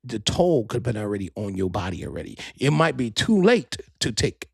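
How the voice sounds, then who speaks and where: A man hosts a podcast in a loose, animated monologue, cussing and talking in street slang. His voice is gravelly and husky. Its pitch leaps around a lot, and the sound is dry and close. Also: brisk, no room sound. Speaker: podcast host and DJ.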